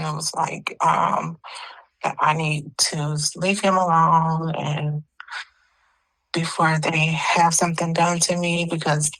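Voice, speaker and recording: A woman answers interview questions as a guest, hesitant and casual, with lots of fillers. Her lowish voice is a bit bright, and the recording quality is low.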